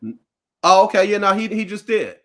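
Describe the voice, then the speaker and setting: A man hosting a casual sports chat, playful and teasing in quick banter. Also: sits high, big pitch swings, a bit bright. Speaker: show host.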